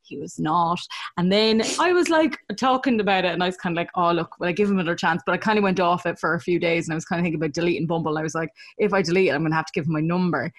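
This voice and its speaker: A woman's voice: lowish voice, rapid-fire. A young Irish woman chatting casually on a podcast, telling stories animatedly and laughing often. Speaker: podcast co-host. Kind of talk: casual chat.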